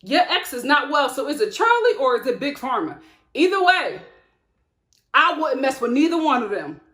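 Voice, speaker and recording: An outspoken woman talks straight to camera, recapping reality TV drama with lively sass and frequent laughter. Her voice sits slightly high. The room around her rings with noticeable echo. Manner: animated, outspoken, laughs often. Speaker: TV reality show reviewer. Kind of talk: sassy recap commentary to camera. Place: home studio with lights. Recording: echoey room.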